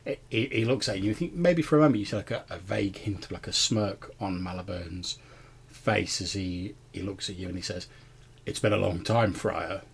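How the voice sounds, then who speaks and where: Gravelly male game master. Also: low voice, brisk. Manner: relaxed, repeats words while narrating. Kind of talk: narrating a tabletop game.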